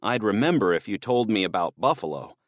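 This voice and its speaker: A man's voice: lowish voice, expressive, a little fast, no room sound, clean studio sound, close to an everyday voice. A man reading an audiobook, voicing an anxious, eager young man who talks to his father on the phone while driving. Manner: eager, pleading, voice tight with worry.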